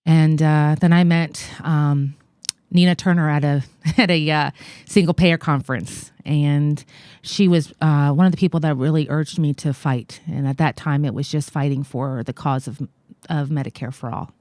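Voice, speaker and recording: An American woman in her forties, a guest in an interview, telling a personal story in a halting, earnest way with many fillers. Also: low voice, fairly even intonation, dark tone, dry recording, clean studio sound. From United States. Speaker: guest, congressional candidate.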